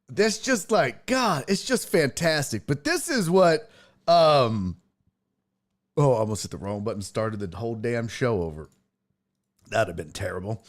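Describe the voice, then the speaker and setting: Excitable male sports podcast host. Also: fairly high pitch, moderate pace. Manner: excitable, laughing, profane, imitates voices. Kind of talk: casual podcast chat.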